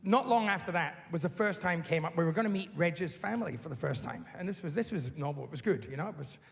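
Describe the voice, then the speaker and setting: A man telling blunt, animated stories about his childhood, swearing freely. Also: fairly high pitch, fast, creaky. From Australia. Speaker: interviewee. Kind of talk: casual storytelling.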